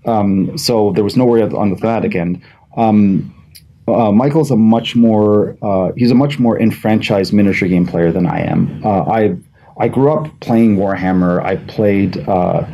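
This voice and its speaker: A man's voice: on the low side, measured pace, warm tone, rough recording. A man talking casually as a game designer on a live panel, rambling with lots of fillers and restarts.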